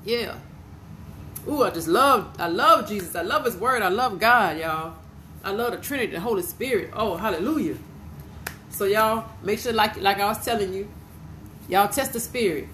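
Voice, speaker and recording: A woman's voice: medium pitch, lively intonation, moderate pace, a bit bright, slight background noise, rough recording. A woman preaching an informal podcast sermon, fervent and emotional, repeating her praise.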